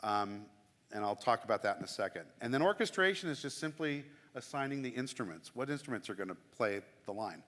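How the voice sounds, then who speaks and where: In a church sanctuary with long hall reverb, a church music director chats casually and enthusiastically about his craft. His mid-range voice is animated, fairly quick and a bit bright, and he drops self-deprecating asides while explaining.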